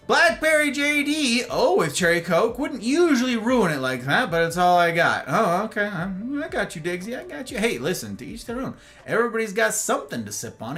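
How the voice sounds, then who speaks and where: A man's voice: high voice, very animated, normal speed, bright, forceful tone, soft background music. A man streaming live, reading out his chat and joking with viewers in a rambling, casual way. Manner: rambling, jokey banter with viewers.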